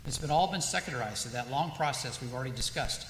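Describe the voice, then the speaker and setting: A man's voice: mid-range voice, fast, fairly bright tone, a little hiss or hum. A man giving a lecture with emphasis, asking rhetorical questions and answering them himself. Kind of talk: lecture with read-out quotations. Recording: echoey hall with long reverb.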